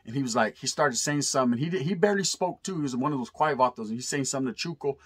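A man's voice: medium pitch, rapid-fire, slightly rough. A middle-aged man telling a story casually and with energy, swearing freely and using lots of street slang. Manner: animated, profane, heavy street slang. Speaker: storyteller vlogger.

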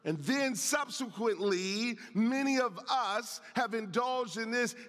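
A man's voice: very high voice, takes it slowly, a bit bright. A man preaching a sermon as pastor, with a passionate delivery that lifts into a sing-song cadence. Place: church sanctuary. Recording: reverberant church hall.

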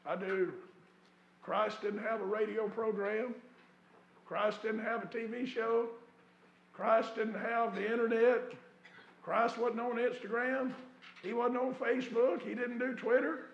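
A man's voice: very high voice, flat delivery, a little slow, vocal fry, dull audio, a little hiss or hum. A man preaching a sermon in a church, telling folksy stories and building to fervent outbursts. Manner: folksy storytelling, rising to fervent shouts. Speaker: pastor. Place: church sanctuary.

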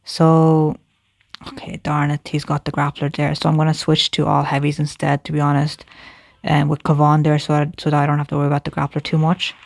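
Gravelly, flat-voiced man commenting gameplay. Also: fairly high pitch, brisk, no room sound. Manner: thinks aloud, self-correcting, addresses viewers as guys.

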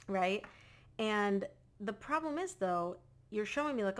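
A woman's voice: medium pitch, animated, normal speed. A woman giving a casual tarot reading to camera, talking straight to the viewer and repeating phrases for emphasis. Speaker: tarot reader.

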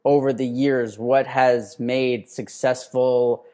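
A man co-hosting a podcast, telling stories in a loose, animated way, full of "like" and restarts. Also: mid-range voice, slow. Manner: animated storyteller, heavy use of "like". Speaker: podcast co-host. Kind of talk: casual podcast chat.

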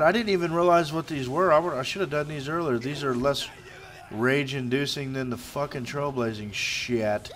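A man's voice: a little high, fairly bright tone, a little hiss or hum. A young man giving casual let's play commentary, frustrated and swearing, muttering to himself between bursts.

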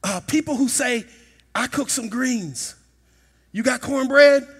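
A middle-aged man preaching a sermon in a church, telling a personal story and rising to shouts at its peaks. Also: very high-pitched, takes it slowly, slightly rough. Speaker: pastor. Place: church sanctuary.

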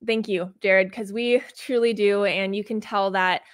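A woman's voice: mid-range voice, steady tone, a little slow, no room sound, studio quality. A woman co-hosting a livestream, chatting bubbly and casually while reading viewer comments aloud. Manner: bubbly, reads out chat comments with many "um"s. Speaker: livestream co-host.

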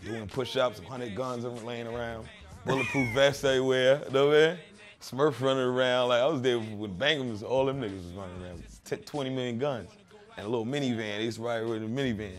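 A man's voice: medium pitch, steady tone, a little fast. Streetwise New man, profane storyteller. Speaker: rapper being interviewed. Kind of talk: casual interview talk.

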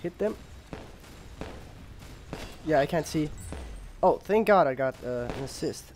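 A man's voice: on the high side, slow pace, slight background noise. Young man rambling over a shooter game. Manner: rambling, filler-heavy, jokey, bursts of excited yelling. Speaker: gamer. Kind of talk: casual gameplay commentary.

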